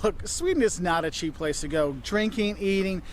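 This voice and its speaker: A man's voice: high voice, expressive, normal speed, a little hiss or hum. A man giving travel tips to camera outdoors in a city, talking in a chatty, direct way with laughs and asides. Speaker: travel vlogger.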